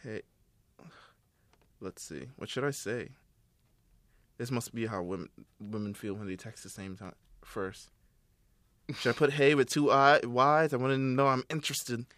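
A man's voice: medium pitch, fairly even intonation, unhurried, pauses often, a bit bright, no room sound. A young man co-hosting a casual podcast, laid-back and profane, laughing often. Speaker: podcast co-host.

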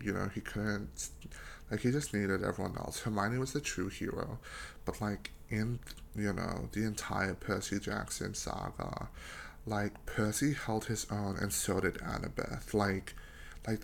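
Slow, gravelly young man gushing casually. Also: lowish voice, a little hiss or hum. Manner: gushing and slangy, heavy on fillers and swearing. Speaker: podcast host reviewing books. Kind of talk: casual solo podcast review.

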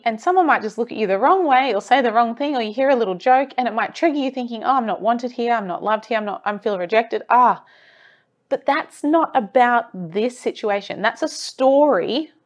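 A woman talking earnestly as a self-development coach, encouraging the listener and repeating phrases for emphasis. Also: on the high side. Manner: earnest, encouraging, with rhetorical repetition. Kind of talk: motivational monologue.

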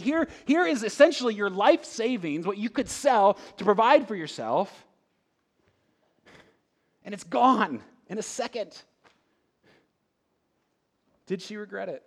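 A man preaching a conversational sermon, asking the room rhetorical questions and swinging between loud emphasis and hushed asides. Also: sits high, big pitch swings, normal speed. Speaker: pastor.

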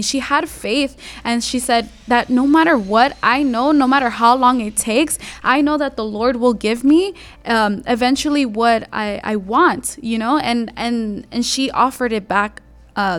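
A young woman co-hosting a faith podcast, retelling a Bible story in a rambling way with many restarts. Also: on the high side. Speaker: podcast co-host. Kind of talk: casual faith discussion.

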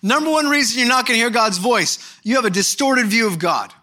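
A middle-aged male pastor preaching a sermon, candid and animated, breaking into mock voices and shouted bursts. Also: very high voice, brisk.

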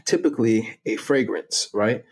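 A man's voice: mid-range voice, animated, unhurried, a little mellow, breathy edge. A middle-aged man, a guest on an interview show, explaining with enthusiasm and laughing often. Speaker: guest fragrance connoisseur. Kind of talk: casual interview.

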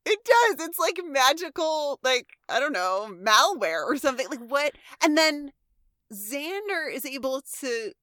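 A woman with a high voice co-hosting a podcast in casual chat. She is playful and wry and tosses in the odd swear word. She is recorded close and dry. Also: sing-song, unhurried, a bit bright, dry recording. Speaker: podcast co-host. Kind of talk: casual chat about a TV show.

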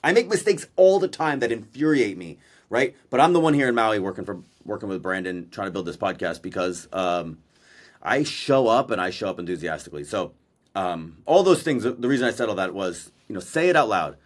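A podcast co-host in Maui chats casually over a video call, blunt and profane, calling himself a verbal processor. He speaks expressively and fairly quickly in a fairly low pitch.

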